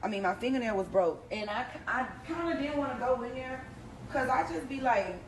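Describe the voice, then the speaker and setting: Woman, slightly high voice, casual animated storyteller, slangy and direct, noisy recording. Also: brisk. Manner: animated, slangy, talks straight to the audience. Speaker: reality show personality telling a story. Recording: background noise under the voice.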